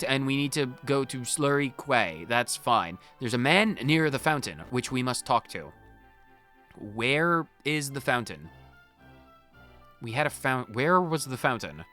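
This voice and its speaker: A man's voice: medium pitch, sharp tone. Playful man joking over a game. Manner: playful, joking, reads game text aloud. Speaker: let's-play host. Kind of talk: game commentary.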